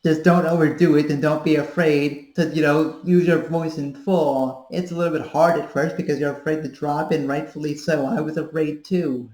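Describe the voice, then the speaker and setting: A woman's voice: low-pitched, fairly even intonation, normal speed, hardly any pauses, warm tone. A woman in her thirties giving a casual voice-training tutorial, rambling with fillers as she demonstrates sounds. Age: 30s. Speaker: voice coach. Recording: echoey room.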